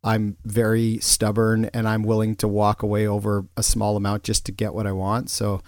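With a low, slightly mellow voice, this male podcast co-host speaks in a monotone at normal speed. His casual talk rambles, packed with fillers and restarts. The recording is studio quality and free of echo.

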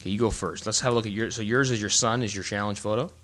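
A middle-aged man with a lowish voice, chatting as a co-host. He rambles through his stories, stumbling and restarting, and his telling is animated throughout. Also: very fast. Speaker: podcast co-host. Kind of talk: casual chat.

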